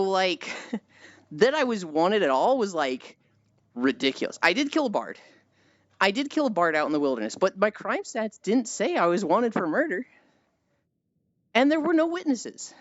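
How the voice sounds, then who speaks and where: A woman's voice: medium pitch, sing-song, moderate pace, no room sound, dull audio. A woman streamer chatting casually with viewers, telling stories animatedly and swearing often.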